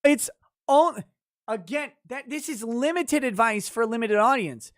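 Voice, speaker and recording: A man's voice: very high-pitched, a little slow, fairly bright tone, no room sound, clean studio sound. A man hosting a casual livestream, reading chat messages and mocking an article with sardonic, profane commentary. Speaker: livestream host.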